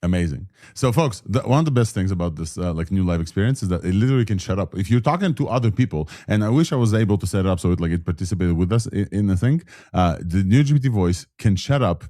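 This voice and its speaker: Man, low voice, dry close sound, casual tech host, chatty, talks to a voice assistant. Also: lively intonation, fast talker, hardly any pauses, warm tone, no echo. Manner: chatty, gives spoken commands to a voice assistant. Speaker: podcast host. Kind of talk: casual live-stream tech chat.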